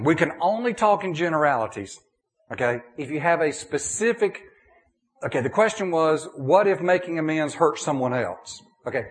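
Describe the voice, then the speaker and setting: Middle-aged male preacher, high voice that swings widely, folksy sermon delivery. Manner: animated, folksy, many restarts and "okay?" checks. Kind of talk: sermon with audience questions.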